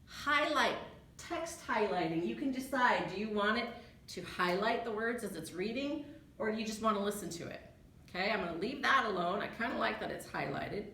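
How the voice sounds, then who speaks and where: A woman's voice: medium pitch, lively intonation, moderate pace, sharp tone. A woman librarian giving a chatty screen-share tutorial, thinking aloud as she clicks through a research tool. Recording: echoey room.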